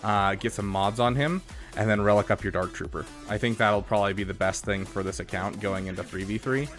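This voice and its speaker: A man's voice: fairly low pitch, steady tone, brisk, fairly bright tone, soft background music. A man casually commenting on a live stream, thinking aloud with frequent fillers. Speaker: streamer reviewing game accounts.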